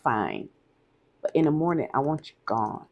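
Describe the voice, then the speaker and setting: Woman, candid storytime vlog, husky, gravelly low voice, emphatic. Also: sing-song, normal speed. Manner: candid, conversational, emphatic repeats.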